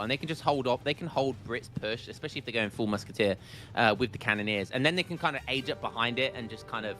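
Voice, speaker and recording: A man casting a live strategy game, excitable and joking, with frequent restarts. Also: medium pitch. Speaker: esports caster.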